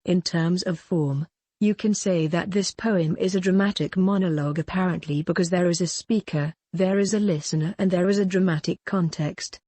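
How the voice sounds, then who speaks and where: Low, husky-voiced woman teaching poetry. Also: steady tone, warm tone, no echo. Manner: slow, deliberate scansion of verse. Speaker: literature teacher. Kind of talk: poetry lesson.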